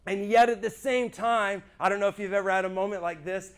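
A man with a high voice shares his church testimony with a small group. He speaks earnestly and with animation, and he keeps asking his listeners whether they follow him. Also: fairly even intonation, brisk.

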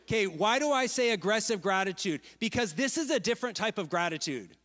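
A man in his thirties preaching a lively sermon, telling stories and asking the congregation questions. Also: sits high, a little fast, in a large hall. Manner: lively, storytelling, asks the crowd questions. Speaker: pastor.

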